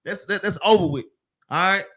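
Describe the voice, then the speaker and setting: A man's voice: high voice, fairly quick, fairly bright tone. A man with a Southern US accent leading a religious class, telling loose slangy work stories and laughing. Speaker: class leader. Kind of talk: casual teaching chat.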